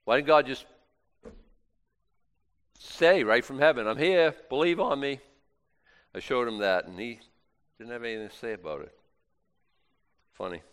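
A man preaching a sermon in a conversational way, swinging from loud exclamations to quiet asides and often restarting his words. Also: mid-range voice, normal speed, long pauses, smooth.

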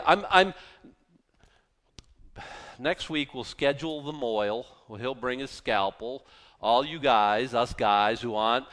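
A man preaching a sermon in an animated, mocking way, full of rhetorical questions. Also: medium pitch, long reverb tail. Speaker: pastor.

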